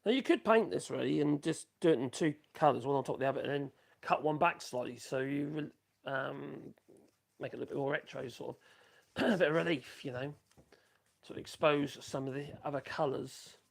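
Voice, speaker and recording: A man's voice: medium pitch, gravelly, slightly rough. A man rambling casually to viewers, muttering asides to himself as he works in his workshop. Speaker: woodworking livestream host. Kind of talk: casual chat while working.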